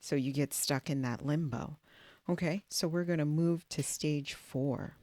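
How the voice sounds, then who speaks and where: A woman's voice: sits low, unhurried, darkish tone, dry recording, studio quality. A woman hosting an interview, talking in a reflective, conversational way. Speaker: host. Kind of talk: casual interview talk.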